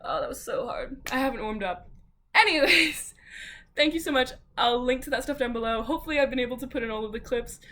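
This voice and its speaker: Young adult woman, upbeat vlogger; bright, raised pitch, gushing delivery full of fillers. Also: fast talker. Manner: gushing, bubbly, lots of likes and ums, giggly. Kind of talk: casual chat to camera.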